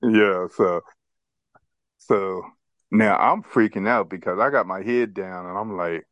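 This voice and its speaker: A man's voice: low-pitched, fairly even intonation, takes it slowly, fairly bright tone, no echo, highs cut off. A man co-hosting a podcast, telling a childhood story in casual chat and laughing as he goes. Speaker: podcast co-host.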